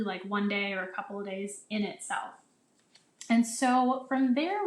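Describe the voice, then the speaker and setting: A woman teacher explaining phonics to other teachers in a casual, chatty way, often restarting sentences and sounding out vowels the way she would for children. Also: fairly high pitch. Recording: echoey room.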